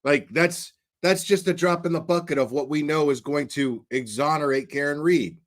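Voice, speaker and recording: A man's voice: on the high side, moderate pace. A man giving casual, blunt and profane live commentary on a trial while eating his lunch.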